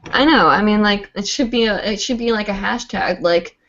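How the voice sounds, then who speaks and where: A woman hosts a live hooping show online, chatting casually and rambling with plenty of "like" and "um." Her mid-range voice is a bit bright and moves at a moderate pace, captured in dull, lo-fi livestream audio.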